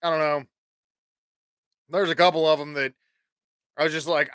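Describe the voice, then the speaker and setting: A man's voice: a little high, little pitch movement, moderate pace, fairly bright tone, clear, resonant tone, dry recording, studio quality. A man hosting his own podcast, rambling casually with plenty of swearing and jokes. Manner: profane, rambling, jokey. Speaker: podcast host.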